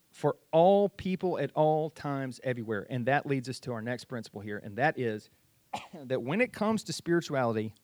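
A man's voice: a little high, no room sound, studio quality. A man preaching a sermon, emphatic and varied in pace, repeating key phrases for weight. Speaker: pastor.

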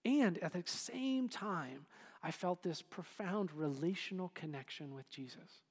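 A man preaching a sermon to a congregation in a relaxed, conversational way, full of fillers. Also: high-pitched, a little slow, slightly rough. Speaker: pastor. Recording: hall reverb.

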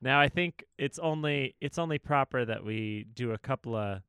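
A man co-hosting a casual movie podcast, talking slowly with lots of laughter. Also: medium pitch, smooth, no echo, studio quality. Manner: slow, animated delivery, laughs often. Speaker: podcast co-host. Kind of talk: casual chat with movie quote impressions.

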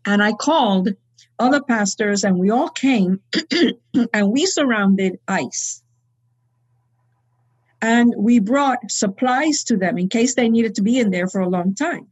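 A woman's voice: medium pitch, slow, long pauses, a little mellow, slightly rough, lo-fi sound. A woman telling a long church story in conversation, acting out the people she quotes. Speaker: guest speaker.

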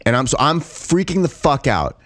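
A man's voice: mid-range voice, sing-song, normal speed, fairly bright tone, no room sound. A man co-hosting a podcast, telling a long story in casual talk, swearing freely and laughing at his own tale. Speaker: podcast co-host.

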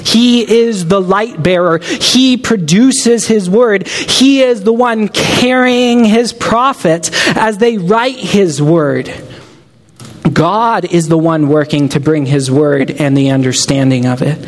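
A man's voice: high-pitched, slow pace, big-room sound. A man preaching a sermon, earnest and emphatic, making direct appeals to his listeners.

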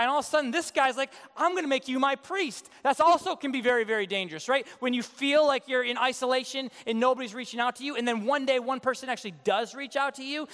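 A man's voice: extremely high pitch, fairly bright tone, long reverb tail. A male pastor preaching a sermon in a casual, joking way, acting out the quotes in his story. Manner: conversational, joking, acts out quotes.

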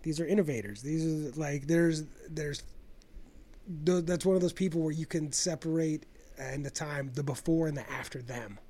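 A man talking in a casual chat, rambling and swearing as he tells long animated stories. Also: fairly high pitch, moderate pace. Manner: profane, rambling, animated storyteller.

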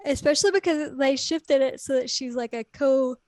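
A woman's voice: high voice, moderate pace, a little mellow, dry recording, studio quality. A young woman co-hosting a podcast, chiming in with wry, jokey asides during a casual anime discussion. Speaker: podcast co-host.

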